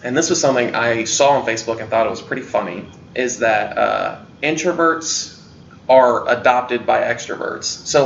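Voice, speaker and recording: A man's voice: medium pitch, gravelly, fairly bright tone, a little hiss or hum. A man hosting a casual talk, thoughtful and explaining his points with frequent fillers. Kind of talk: casual conversation. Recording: echoey distant lo-fi sound.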